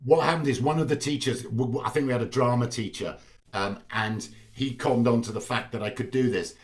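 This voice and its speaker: A middle-aged man chatting as a guest on a video call, telling family anecdotes in a relaxed storytelling way. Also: medium pitch, brisk, recorded from a distance. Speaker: actor guest. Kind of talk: casual video-call chat.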